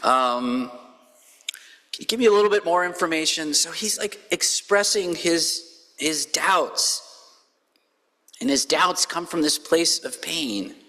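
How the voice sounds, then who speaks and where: A man's voice: a little high, slow, pauses often, bright, forceful tone, big-room sound. A male pastor preaching a conversational sermon in a church, telling the story with playful quoted voices. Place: church sanctuary.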